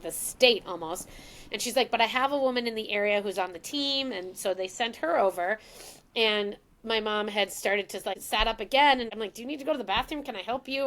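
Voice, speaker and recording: A woman as a podcast guest, telling an emotional personal story and acting out the lines of the people in it. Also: fairly high pitch. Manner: emotional, animated, acts out quoted lines.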